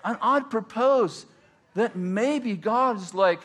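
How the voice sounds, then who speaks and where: A middle-aged man, a pastor, telling stories in a casual, animated way and laughing often as he talks. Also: high-pitched, takes it slowly. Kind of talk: casual storytelling.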